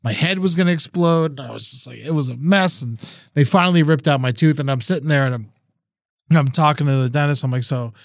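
A young man with a slightly high voice co-hosts a loose comedy podcast, rambling through stories, swearing freely and laughing as he goes. He sounds close and dry, with no room around him. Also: fast, creaky, no room sound. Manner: rambling storyteller, swears a lot, laughs often. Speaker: podcast co-host. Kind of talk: casual comedic chat.

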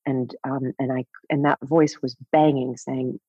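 A woman's voice: a bass voice, level tone, unhurried, breathy edge, no echo, highs cut off. A woman in her fifties telling a personal story as a podcast guest, frank and wry, laughing at herself. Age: 50s. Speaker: guest author.

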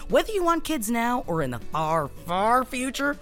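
A woman's voice: a little high, big pitch swings, normal speed, fairly bright tone, soft background music. A woman co-hosting a podcast, chatting and reading an ad in a brash, comic, self-deprecating way. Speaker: podcast co-host. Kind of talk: casual chat and host-read ad.

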